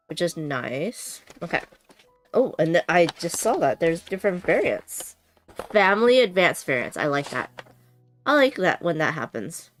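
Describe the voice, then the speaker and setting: A woman chatting casually and giggling as she unboxes a board game on a stream, thinking aloud as she goes. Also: fairly low pitch.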